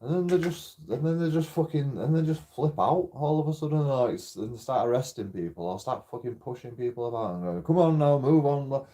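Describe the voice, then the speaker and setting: A man's voice: medium pitch, brisk, few pauses, dark tone. A British man telling stories in a casual, rambling way while streaming a game, swearing often and laughing as he goes. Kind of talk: casual storytelling while gaming.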